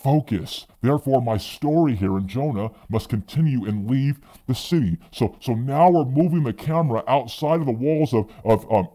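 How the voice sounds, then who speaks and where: A man preaching a sermon voices God as a calm, compassionate male deity who speaks slowly and steadily. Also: mid-range voice, voice pushed down, lightly acted. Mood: calm, reassuring.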